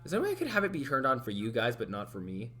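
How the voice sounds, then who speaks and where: A young male streamer talks casually on a livestream in a medium-pitched voice with huge pitch swings, a racing pace, and a sharp tone. He rambles and hesitates, restarting often and using lots of fillers, while wearing headphones at a desk mic.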